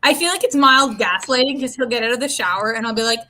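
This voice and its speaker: A woman hosting a casual group video chat, talking in a chatty, animated way. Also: fairly high pitch, quick pace, background noise. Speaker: host.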